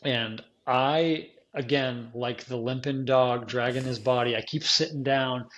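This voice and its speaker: A man recounts a grueling experience as a podcast guest, his voice sitting at an ordinary middle pitch. He speaks casually and with real feeling, often breaking into laughter. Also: a little slow. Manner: emotional, animated storytelling with frequent laughter. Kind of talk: casual storytelling interview.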